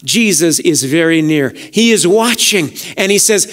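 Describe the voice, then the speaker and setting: A male pastor preaching a sermon with fervour, dropping to hushed lines and rising to exhortations, repeating praise. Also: fairly high pitch, expressive, a little slow, few pauses. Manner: impassioned preaching, swinging between soft hushed lines and raised exhortations; fervent, with repeated "praise God" and "hallelujah".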